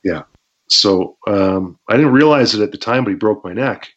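Lively man telling wrestling stories. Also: lowish voice, moderate pace. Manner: animated storytelling, acts out shouts and crowd noises, laughs often. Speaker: guest, former pro wrestler. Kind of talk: storytelling interview. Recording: dull lo-fi sound.

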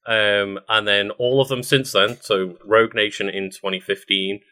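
Bright-voiced man chatting about films. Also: fairly low pitch, steady tone, normal speed. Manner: reads out film facts with frequent ums. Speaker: podcast co-host. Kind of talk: casual chat.

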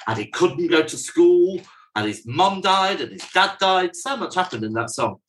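A man's voice: high voice, expressive, a bit bright. Teasing man hosting a podcast. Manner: teasing, bossy, quick to mock. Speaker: podcast co-host. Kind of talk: casual chat reviewing songs.

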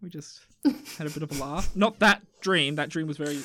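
A man in his thirties co-hosting a podcast in casual, joking chat, swinging between loud bursts and mumbles. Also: on the high side, a little fast, a little hiss or hum. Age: 30s. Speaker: podcast co-host.

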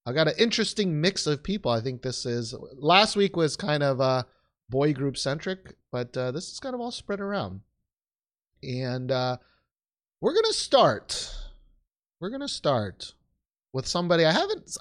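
A young man hosting a casual podcast, rambling and joking at himself with plenty of fillers. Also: medium pitch. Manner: rambling, self-deprecating, with frequent fillers and restarts. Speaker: podcast host. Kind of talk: casual chat.

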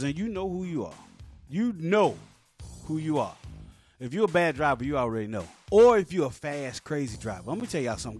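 A man co-hosting a casual call-in radio show, ranting with loud bursts and swearing freely. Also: mid-range voice. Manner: animated ranting, swings between loud and soft. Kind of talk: casual profane radio banter.

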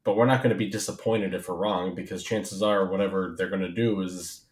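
A man's voice: low-pitched, fairly even intonation, fairly quick. A man co-hosting a casual podcast, easygoing and agreeable.

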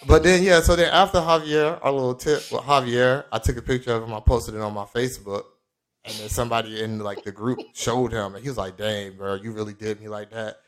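A young man from Florida on a podcast, telling a story in casual chat and acting out the people in it with sudden jumps in his voice. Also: a little fast. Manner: animated storyteller, acts out quoted lines with big pitch jumps, laughs often. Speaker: podcast co-host.

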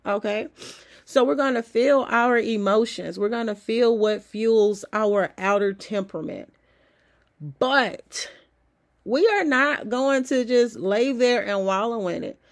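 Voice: mid-range voice, slow pace. Sniffly, encouraging self-help host. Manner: conversational and encouraging, with rhetorical questions. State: sick with a cold, sniffly. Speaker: weekly motivational host. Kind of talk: motivational self-help talk.

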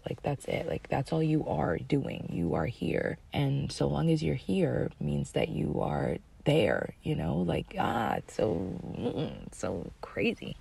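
Low gravelly woman, rambling spiritual talk. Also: mellow. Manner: rambling and emphatic, swears often, drops to whispers at times. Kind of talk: casual spiritual monologue.

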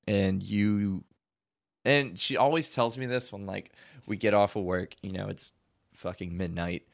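A man's voice: lowish voice, steady tone, measured pace, creaky. Laid-back young man telling a story. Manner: loose slangy storytelling, frequent laughter. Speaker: podcast co-host. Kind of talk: casual chat.

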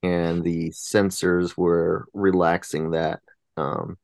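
A man's voice: low-pitched, level tone, slow pace, vocal fry, a little mellow, dry recording. A man chatting casually on a podcast about films, opinionated and talking in long winding sentences. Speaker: podcast panelist. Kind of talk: casual film chat.

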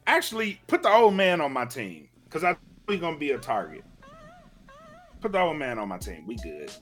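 A man's voice: on the high side, big pitch swings, a little fast, a bit bright, soft background music. Joking, boastful man co-hosting a podcast. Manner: boastful, joking, repeats his lines. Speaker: podcast co-host. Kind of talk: casual chat.

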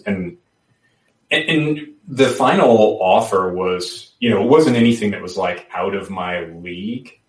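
Low guy rambling on a podcast, lots of restarts, sounds far off in a roomy space. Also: unhurried. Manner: rambling, many restarts and fillers. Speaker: podcast guest. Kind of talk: casual chat. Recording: roomy, distant from the mic.

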